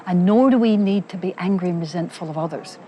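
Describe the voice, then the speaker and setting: Mellow-voiced woman psychologist. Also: fairly low pitch, fast talker, highs cut off, a little hiss or hum. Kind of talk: interview answer.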